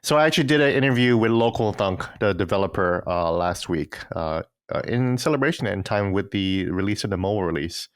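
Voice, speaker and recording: A man's voice: lowish voice, expressive, fairly quick, hardly any pauses, smooth, dry recording. A man co-hosting a gaming podcast, chatting casually and often repeating and restarting words. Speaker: podcast co-host. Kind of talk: casual chat.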